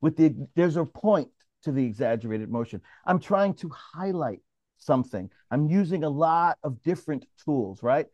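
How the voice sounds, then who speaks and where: Casting: animated male moderator from New York, slightly high voice, muffled dry call audio. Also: normal speed, no room sound. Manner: animated, restarts often, calls on others. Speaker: mediator leading a roundtable. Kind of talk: casual discussion, moderating.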